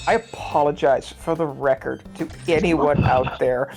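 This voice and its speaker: A man's voice: a little high, steady tone, unhurried, gravelly, a little mellow, soft background music. A man chatting casually on a gaming stream, speaking in sheepish, rambling asides.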